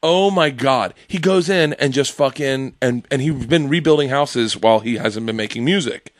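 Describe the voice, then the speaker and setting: A man on a podcast telling stories in casual chat, excitable and profane, often laughing as he talks. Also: medium pitch, normal speed, dry recording, clean studio sound. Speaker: podcast guest.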